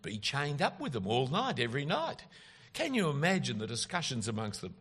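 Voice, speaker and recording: A man's voice: mid-range voice, wildly swooping pitch, brisk, a bit bright, husky. A man preaching an expository sermon, emphatic and full of rhetorical questions.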